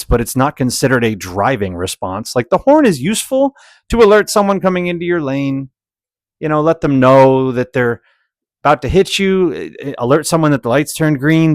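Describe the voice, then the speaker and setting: A man's voice: fairly high pitch, dry recording. A young adult man commentating on dashcam driving clips in a casual, exasperated and sarcastic way. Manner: exasperated, sarcastic, animated when ranting.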